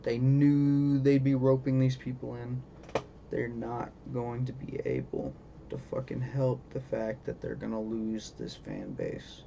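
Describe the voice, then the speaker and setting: A man's voice: mid-range voice, expressive, measured pace, gravelly, dark tone. A man ranting about a show he dislikes, swearing constantly and asking "okay?" for emphasis. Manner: profane, exasperated ranting. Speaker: vlogger. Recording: dull lo-fi audio with faint ambient noise.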